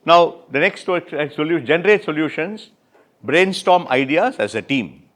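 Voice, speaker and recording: A man with an Indian English accent running an interactive classroom workshop, repeating and rephrasing students' answers with brisk praise. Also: on the high side, expressive, a bit bright. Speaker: workshop instructor.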